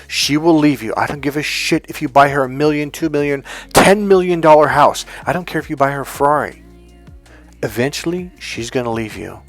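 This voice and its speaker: Blunt, profane man coaching on dating. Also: medium pitch. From California. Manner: blunt, profane, animated storyteller. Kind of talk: emphatic coaching monologue.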